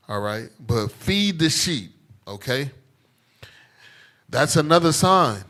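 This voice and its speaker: A man's voice: mid-range voice, a bit bright. A man teaching scripture in an emphatic preaching style, repeating points and checking in with "all right?" after nearly every line. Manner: emphatic, repetitive, calls for responses, tag questions. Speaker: teacher leading a scripture class. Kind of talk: preaching Bible class.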